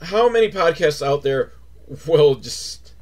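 A man's voice: a little high, lively intonation, slow pace. A man hosting a comedy podcast, recapping a children's movie with sarcastic, mocking commentary and sing-song mimicry. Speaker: podcast host.

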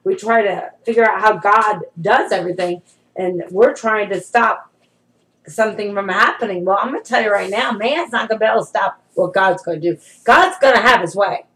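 A middle-aged woman preaching in a loose, conversational way, leaning hard on her warnings and calling her listeners saints. Her voice sits in an ordinary middle pitch for a woman. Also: moderate pace, fairly bright tone, rough recording. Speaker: prophetess preaching to followers. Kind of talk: informal prophetic sermon to camera.

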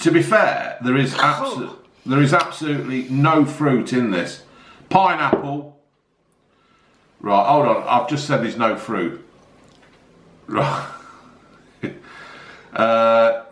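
A man's voice: medium pitch, fairly bright tone, slight background noise. A middle-aged man casually reviewing a drink, rambling and joking, calling his viewers folks. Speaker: product reviewer. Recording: echoey room.

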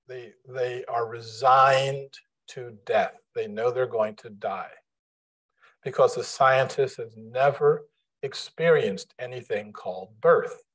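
A man giving a public lecture to a live audience in a room, speaking deliberately with frequent restarts. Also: medium pitch, low-quality recording. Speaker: guest lecturer.

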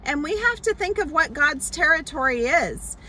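A woman pastor telling a Bible story in a children's sermon, explaining slowly with many fillers and restarts. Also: high-pitched, lively intonation, sharp tone, a little hiss or hum, rough recording.

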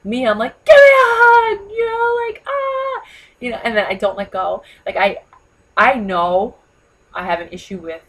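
A woman in her thirties from New York, talking to camera in a chatty, animated way, full of "you know" and "like.". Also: medium pitch, poor audio. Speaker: vlogger giving speaking advice. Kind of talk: casual talk to camera.

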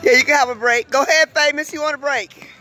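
A woman's voice: high-pitched, fairly even intonation, fast, bright, forceful tone, soft background music. An older woman, a grandmother, cheering on and teasing children during a casual game, playful and encouraging. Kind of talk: casual family play.

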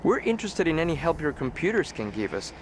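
A man's voice: a little high, sing-song, fast, slight background noise. A man voicing a stiff, formal, earnest male federal agent in a video game. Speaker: game character.

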